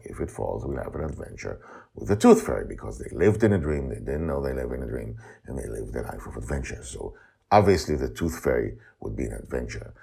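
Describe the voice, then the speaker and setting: A man's voice: very deep voice, creaky, a little mellow, breathy edge. A man hosting a podcast, telling a storybook tale in a rambling, casual way with asides. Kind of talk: casual chat and storybook narration.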